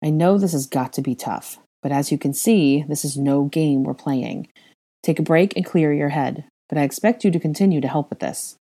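A woman reading a young adult male wizard with a coaxing, gently insistent manner. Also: deep voice, normal speed. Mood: earnest.

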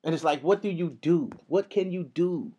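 A young man hosting a podcast in a casual, profane, heated rant, talking fast. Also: a little high, mellow, breathy edge, highs cut off. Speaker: podcast host. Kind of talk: casual ranting monologue.

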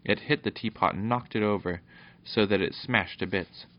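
A man reading a children's storybook aloud in a steady narration with small stumbles, on a dull lo-fi recording. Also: on the low side, moderate pace.

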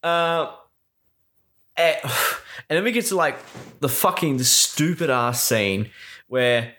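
A man's voice: on the high side, lively intonation, slow, sharp tone. A man in a casual, exasperated movie recap rant, swearing a lot and saying "like" constantly. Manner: exasperated, profane, full of filler likes.

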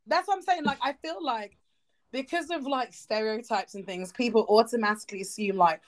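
A woman's voice: fairly high pitch, brisk. Blunt British woman chatting casually. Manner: blunt, animated, laughs often. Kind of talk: casual chat.

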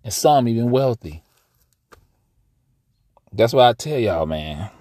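A man's voice: medium pitch, very animated, takes it slowly, dark tone, no room sound, clean studio sound. A young adult American man with an African American accent, hosting a casual podcast monologue outdoors and talking straight to his listeners. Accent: African American English. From United States. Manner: conversational, addresses listeners as y'all, emphatic. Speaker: podcast host.

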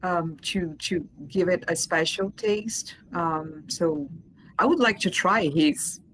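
A woman's voice: lowish voice, slow, fairly bright tone, a little hiss or hum, low-quality recording. A woman guest in a casual chat over a video call, talking hesitantly with ums and restarts and laughing easily.

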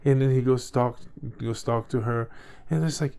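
A man's voice: mid-range voice, normal speed, gravelly, mellow, clear, resonant tone. A man co-hosting a casual chat show, talking in a rambling way with many restarts and fillers. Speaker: podcast co-host.

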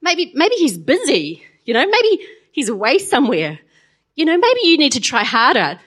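Woman putting on a cocky prophet guy, teasing and challenging, a bit louder than her usual talk, bible storytime. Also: fairly high pitch, animated, moderate pace. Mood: mocking. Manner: mocking, challenging. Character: bold confident male prophet, teasing.

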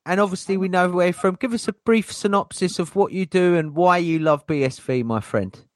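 A man's voice: sits high, brisk, dry recording, studio quality. A man co-hosting a casual show, slangy and teasing. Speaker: co-host. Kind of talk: casual chat on a live show.

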